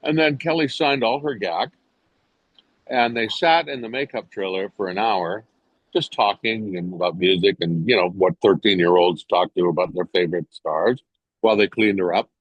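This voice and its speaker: An older man from England, an actor guest on an interview show, telling a story in a lively, animated way. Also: normal speed, breathy edge, no echo, lo-fi sound. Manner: animated storyteller, jumps to high voices when quoting others. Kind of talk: casual anecdote telling.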